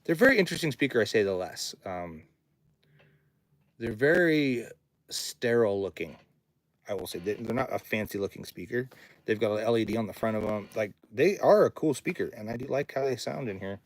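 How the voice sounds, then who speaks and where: Male studio owner, casual livestream host, slightly low voice, rambling chat, reads chat comments aloud. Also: lively intonation, fairly quick. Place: home recording studio.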